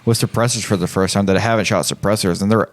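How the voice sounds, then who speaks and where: A man's voice: on the low side, fairly even intonation, fast. A man from the United States co-hosting a casual talk show, asking friendly, curious questions. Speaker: co-host. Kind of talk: casual podcast chat.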